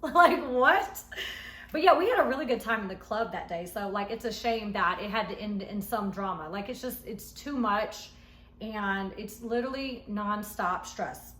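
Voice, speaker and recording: Bright-voiced woman in an echoey room. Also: medium pitch, moderate pace, a little hiss or hum. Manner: animated, emphatic storytelling. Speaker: reality show cast member reviewing her episode. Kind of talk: casual recap vlog.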